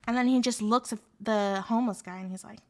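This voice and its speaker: A woman streamer telling a story in a casual, animated, rambling way with lots of fillers. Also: a little high, fairly quick.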